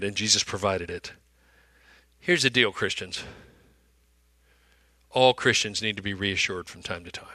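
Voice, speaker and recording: A male pastor preaching a sermon, repeating phrases for emphasis and swinging between loud, emphatic lines and hushed ones. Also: fairly low pitch, measured pace, long pauses, dry recording.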